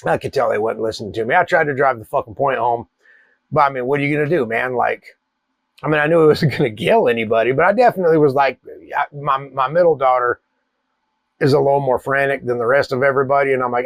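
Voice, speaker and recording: A man, hosting a cigar channel and telling a wild story in a profane, animated way. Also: medium pitch, quick pace, gravelly, dry recording. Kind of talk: casual storytelling.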